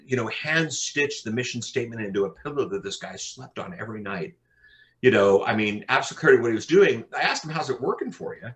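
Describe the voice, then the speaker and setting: A man, a podcast consultant, telling animated anecdotes in an interview, often repeating his words as he goes. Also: mid-range voice. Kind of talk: interview storytelling.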